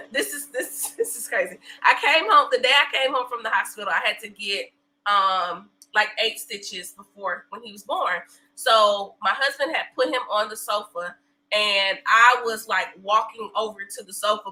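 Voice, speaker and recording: A bright-voiced woman in the mid range, a breastfeeding specialist appearing as a podcast guest, tells lively stories in a casual interview chat. She's an animated storyteller who laughs often and acts out quotes. The recording quality is low.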